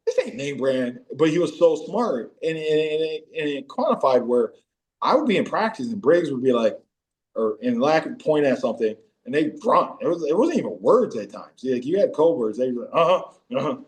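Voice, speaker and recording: A man in his forties, a former pro football player, telling animated stories as a podcast guest and breaking into high-pitched voices when quoting teammates. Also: normal speed. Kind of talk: casual storytelling interview.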